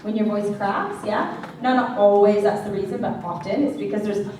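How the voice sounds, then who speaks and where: A woman's voice: medium pitch, fairly even intonation, normal speed, mellow, far from the mic, slight background noise. Woman vocal coach in an echoey classroom. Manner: chatty, checks in with the class often. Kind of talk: teaching a singing class. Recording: echoey classroom recorded from afar.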